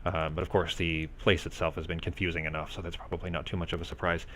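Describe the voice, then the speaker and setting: A man's voice: low-pitched, flat delivery, fast talker, a bit bright, slight background noise. A man narrating as game master in a loose, hesitant way with many fillers.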